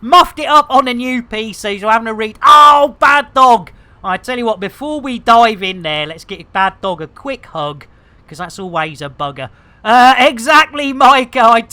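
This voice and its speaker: A man's voice: very high-pitched, pushed and bright. A middle-aged man with an English accent chatting casually and animatedly while streaming, swearing freely and ranting. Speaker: game streamer.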